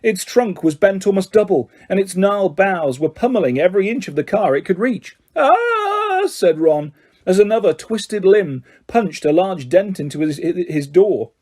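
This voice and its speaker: A man narrating an audiobook in an expressive, dramatic reading style. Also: sits high, moderate pace. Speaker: audiobook reader. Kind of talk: scripted storybook narration.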